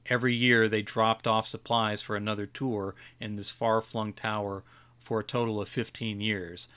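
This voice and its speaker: A man's voice: on the low side, flat delivery, normal speed, sharp tone, smooth. A man voicing a weary, jaded old male wizard who growls and lectures dismissively.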